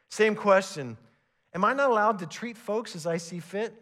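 Male pastor, high voice, animated preacher who reads scripture aloud and stumbles over a few words. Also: normal speed. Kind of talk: sermon.

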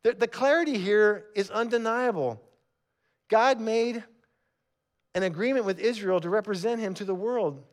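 A man's voice: high voice, normal speed. A man preaching a sermon as pastor, reading scripture aloud and repeating words as he presses each point. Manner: emphatic, repeats words when starting phrases; reads scripture aloud, then explains it.

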